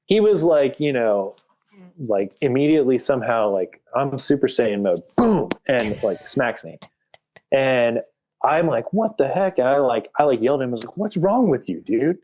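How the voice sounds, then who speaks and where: A man's voice: mid-range voice, normal speed, a little mellow. A man telling a story as a podcast guest, rambling casually with lots of filler words. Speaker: podcast guest, graphic artist.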